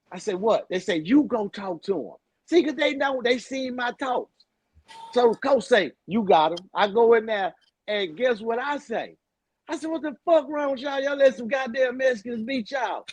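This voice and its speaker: High-voiced man telling a rowdy story. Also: dry recording. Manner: loud, profane storyteller acting out quotes. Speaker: podcast co-host. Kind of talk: casual podcast chat.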